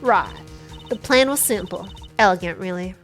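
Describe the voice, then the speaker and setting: A woman's voice: lowish voice, expressive, normal speed, faint music behind, lightly acted. A woman voicing a sly, boastful female card dealer with a put-on American Southern accent, reading a video game aloud. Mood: smug. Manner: boastful, theatrical.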